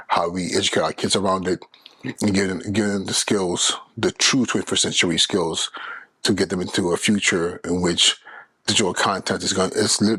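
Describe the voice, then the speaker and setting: A man's voice: sits low, fairly bright tone, breathy edge, dry recording. A man hosting his own podcast as an educator, talking earnestly and persuasively with frequent restarts. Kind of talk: solo podcast talk.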